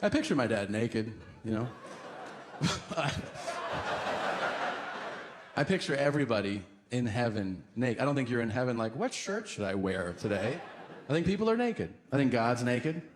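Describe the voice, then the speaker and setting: Animated stand-up comedian man. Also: mid-range voice, normal speed, pauses often. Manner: animated storytelling, acts out voices, bursts into yelling. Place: comedy club stage with laughing audience. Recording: live club with loud crowd laughter.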